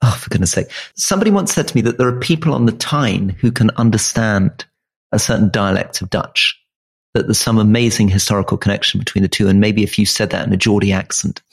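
A man's voice: on the low side, quick pace, vocal fry, husky. A middle-aged man co-hosting a podcast, talking in a wry, self-deprecating way with frequent restarts. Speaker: podcast co-host. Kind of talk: casual podcast chat.

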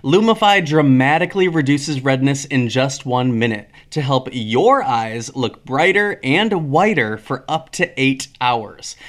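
A man hosting a podcast with casual gossip chat and ad reads, talking in an animated, giggly, theatrical way. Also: fairly high pitch. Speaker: podcast host.

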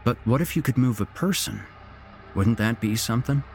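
A man voicing a shy teenage boy who speaks in a quiet, measured way. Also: medium pitch, animated, a little hiss or hum, lightly acted. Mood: calm.

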